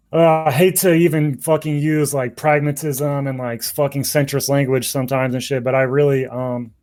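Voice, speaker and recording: A man's voice: medium pitch, darkish tone. A man speaking as an activist guest in a casual interview, heated, profane and passionate, admitting he gets emotional.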